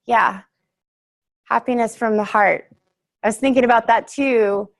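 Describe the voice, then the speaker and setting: A woman's voice: fairly high pitch, steady tone, measured pace. A young woman giving a casual, earnest workshop talk to a group, chatty and full of fillers, laughing easily.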